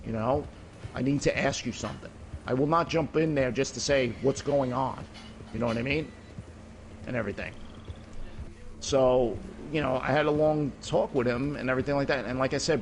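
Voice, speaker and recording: A man's voice: medium pitch, a little fast, slight background noise. A middle-aged man in casual voice chat while gaming, rambling and swearing, peppering his talk with "you know what I mean". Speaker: gamer in voice chat.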